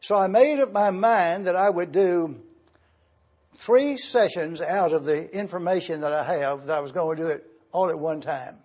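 A pastor, a man, teaching a sermon in a slow, deliberate way, spelling out Greek words for his congregation. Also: high voice, darkish tone, breathy edge, muffled recording. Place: church.

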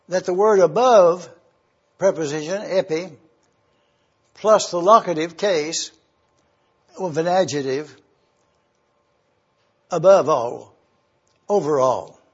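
Male preacher, high husky voice, slow deliberate delivery, lo-fi sermon recording. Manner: slow, deliberate teaching with emphatic pauses. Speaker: preacher teaching scripture. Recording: dull lo-fi recording.

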